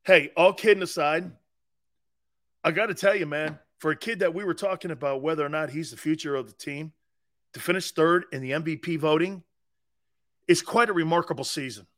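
Brash high-voiced sports talk host. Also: male voice, brisk, a bit bright. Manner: brash, rambling, repeats his points. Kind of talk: opinionated sports talk monologue.

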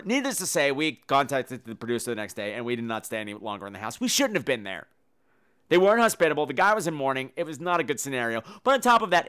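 A man's voice: mid-range voice, clean tone. A man hosting a podcast, telling a personal story in a theatrical, comedic way, swearing freely. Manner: animated, profane, theatrical, acts out quotes. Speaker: podcast host.

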